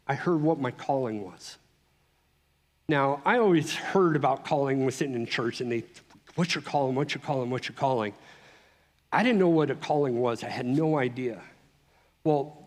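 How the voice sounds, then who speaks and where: A middle-aged man giving a personal testimony speech at a conference, telling his story in an animated way with frequent restarts. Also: on the high side. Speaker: conference speaker. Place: conference hall. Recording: long reverb of a large hall.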